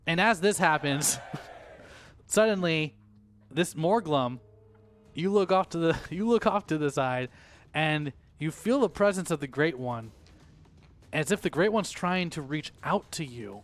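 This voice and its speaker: A man's voice: fairly high pitch, expressive, measured pace, fairly bright tone. A man running a tabletop game as game master, narrating with frequent laughs and restarts. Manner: rambling, laughs often, many restarts.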